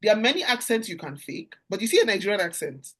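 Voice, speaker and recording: A woman hosting a book club discussion, speaking in an emphatic, lively way. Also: medium pitch, quick pace, husky. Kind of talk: casual book club conversation.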